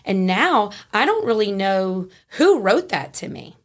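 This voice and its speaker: A woman, a podcast guest telling a story in a frank, animated way and laughing easily. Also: mid-range voice, a little slow. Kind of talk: casual storytelling.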